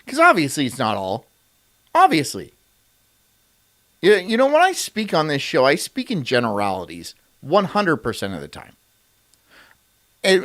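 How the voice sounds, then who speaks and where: A man's voice: a little high, a bit bright. A man hosting a stream, ranting in profane, incredulous commentary and laughing often. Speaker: streamer host.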